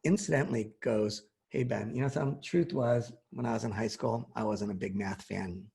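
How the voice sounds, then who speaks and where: A man's voice: lowish voice, moderate pace, creaky, darkish tone. A man in his forties telling a personal story in casual conversation, acting out the quoted dialogue.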